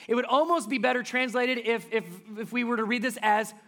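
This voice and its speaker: A pastor giving a sermon in a conversational, emphatic way. The voice swings between loud stressed words and soft, low asides. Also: steady tone, fairly quick.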